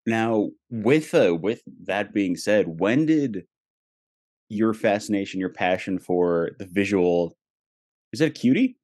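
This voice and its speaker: Casual upbeat man from colorado hosting his podcast, deep voice, dry sound. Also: slow pace, a little mellow, no echo. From Colorado, USA. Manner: enthusiastic, chatty, frequent laughs. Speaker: podcast host. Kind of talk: casual podcast intro and interview.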